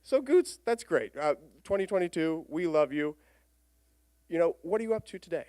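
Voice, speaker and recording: A man's voice: a little high, sing-song, moderate pace, darkish tone, no room sound, clean studio sound. A man presenting at a conference, playfully interviewing a mascot with mock-earnest questions. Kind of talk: comic stage interview.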